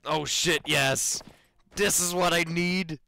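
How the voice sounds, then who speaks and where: A young man playing a video game and reacting out loud, swearing, laughing and taunting the enemies. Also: fairly high pitch, steady tone, takes it slowly, creaky, slight background noise. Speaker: gaming YouTuber. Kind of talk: excitable let's play commentary.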